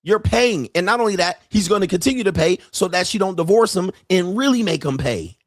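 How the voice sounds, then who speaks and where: A brash man coaches on dating while reacting to clips on a live stream. His voice swings wildly up and down, loud and mocking. The sound is dry and close to the mic. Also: high voice, expressive, a little fast, dry recording.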